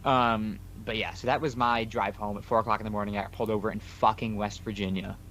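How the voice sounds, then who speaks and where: A man's voice: on the low side, fairly even intonation, quick pace, a bit bright, a little hiss or hum. A man co-hosting a podcast, casually retelling a story full of quoted dialogue. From New York. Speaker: podcast co-host.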